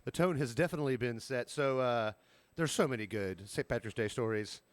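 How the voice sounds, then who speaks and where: A man co-hosting a podcast in a lively casual chat, jumping in and laughing often. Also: medium pitch, no room sound. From Savannah, Georgia. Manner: quick, animated talker who laughs often and jumps in. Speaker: podcast co-host.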